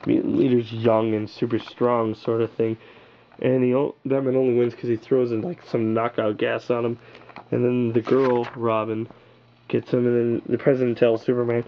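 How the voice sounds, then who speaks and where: A man's voice: mid-range voice, fairly even intonation, normal speed, dull audio, a little hiss or hum. A man reviewing comic books on camera in a loose, rambling, enthusiastic way, full of filler words. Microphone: built-in camera mic.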